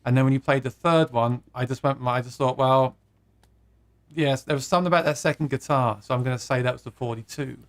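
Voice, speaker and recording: A man's voice: medium pitch, a little fast. A man hosting a live guitar stream, chatting casually, reading viewer comments aloud and laughing at his own jokes.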